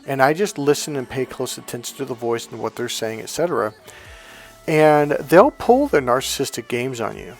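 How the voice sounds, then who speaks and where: A man delivers a motivational coaching talk in a mid-range voice. He is blunt and emphatic, swearing casually and restarting his sentences in quick bursts. Faint music sits behind him. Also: medium pitch, animated.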